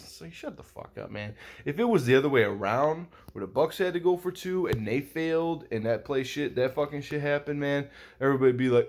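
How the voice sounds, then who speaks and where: A man's voice: mid-range voice, quick pace, a little mellow. A young man recapping a football game in a rambling, casual vlog, swearing a lot and using many fillers. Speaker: sports vlogger.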